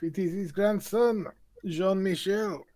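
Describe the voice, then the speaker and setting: A man's voice: high voice, slow pace, mellow. A man role-playing a courtly character in a tabletop game, stammering and mock-polite. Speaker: player.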